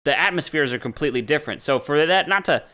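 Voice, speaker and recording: A man's voice: on the high side, expressive, quick pace, sharp tone. A man co-hosting a casual podcast chat, thinking aloud in a bemused way with restarts. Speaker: podcast co-host.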